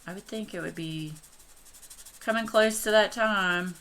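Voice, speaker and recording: A woman's voice: medium pitch, a little slow, a bit bright. A woman in her forties chatting casually and gushingly to her viewers while she colors. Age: 40s. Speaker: coloring channel host.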